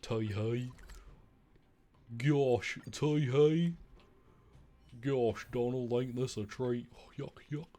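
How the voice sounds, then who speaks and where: A man's voice: mid-range voice, fairly even intonation, very slow, long pauses, dark tone. A British man putting on a goofy, hooting cartoon sidekick voice with a folksy drawl.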